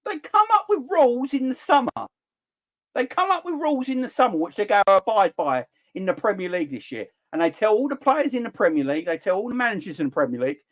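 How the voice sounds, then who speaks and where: A man in his forties with a South East London accent, hosting a football livestream and ranting passionately between relaxed chat with viewers. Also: sits high. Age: 40s. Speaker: football channel livestream host.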